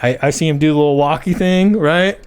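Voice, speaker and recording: A man's voice: on the high side, brisk, a little mellow, clean tone. A man in his twenties, a podcast guest, telling a story in casual chat, swearing a lot and acting out quoted dialogue. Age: 20s.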